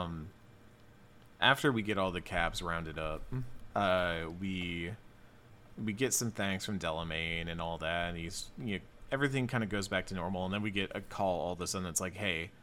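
A man with a very low voice talks through a game on a casual podcast. He rambles in a relaxed way and fills his pauses with ums and likes. A faint hiss sits under his voice. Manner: relaxed, thinking aloud with many fillers.

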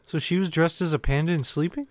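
Male comedian co-host throwing in quick jokes, slightly high voice, dry close sound. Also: no room sound. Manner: quick joking interjections, laughing often. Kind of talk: casual comedy podcast chat.

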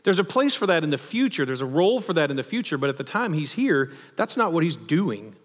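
A man's voice: on the high side, big pitch swings, a little fast. A man preaching a sermon in a conversational way, asking rhetorical questions and adding emphatic asides. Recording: long reverb of a hall.

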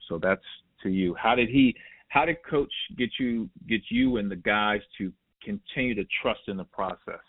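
A man hosting a casual interview, asking questions in a relaxed way with a few "um" fillers. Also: fairly low pitch, moderate pace, no echo. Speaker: podcast host, interviewer. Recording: phone-like line.

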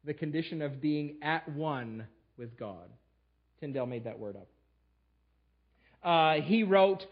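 A man's voice: on the high side, lively intonation, measured pace, pauses often, dull audio. A man preaching a sermon to his church, telling history with emphatic storytelling. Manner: emphatic storytelling, fillers and restarts. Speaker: pastor. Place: church sanctuary.

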